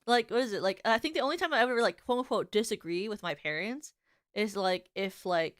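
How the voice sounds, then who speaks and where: A woman's voice: medium pitch, brisk, no room sound, clean studio sound. A young woman streamer chatting casually, rambling with many filler words and restarts, and laughing as she tells stories. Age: young adult. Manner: animated, giggly storytelling. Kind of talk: casual chat.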